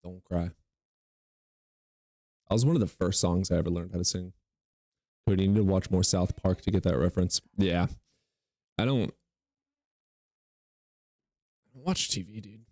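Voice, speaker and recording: A man's voice: sits low, brisk, darkish tone, no room sound, studio quality. A young man streaming live, joking and teasing his viewers in casual chat. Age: young adult.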